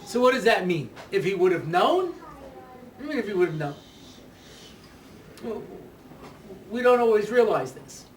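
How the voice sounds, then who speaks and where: A man with a high voice lectures in a loose, joking way, checking in with his listeners and chuckling at his own stories. He is recorded from a distance in an echoey room. A faint hiss sits under his voice. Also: very animated, normal speed, pauses often. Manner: chatty, checks in with "yeah?" and "you know"; laughs at his own jokes. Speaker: speaker giving a Torah talk. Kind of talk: lecture with anecdotes and jokes. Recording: echoey room, mic far off, faint noise.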